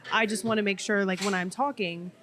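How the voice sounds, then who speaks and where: A woman's voice: medium pitch, steady tone, fairly quick, fairly bright tone. A woman in her twenties from Nebraska, co-hosting a casual podcast from a restaurant and telling stories in a chatty way. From Omaha, Nebraska. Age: 20s. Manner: chatty, storytelling. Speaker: podcast co-host and sports reporter.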